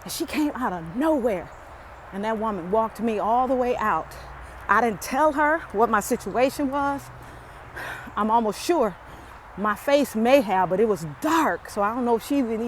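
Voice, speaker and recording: A woman's voice: a little high, expressive, moderate pace, slight background noise. A woman chatting to her viewers with humor as she walks a wooded lakeside trail, filming on a handheld phone. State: out of breath. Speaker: vlogger. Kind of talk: casual vlog chat while walking.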